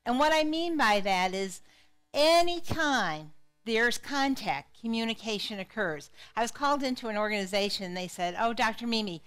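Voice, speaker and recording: A middle-aged woman psychologist giving a lively, interactive talk to a live audience, often putting questions to the crowd. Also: a little high, normal speed, clean tone. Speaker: psychologist and speaker.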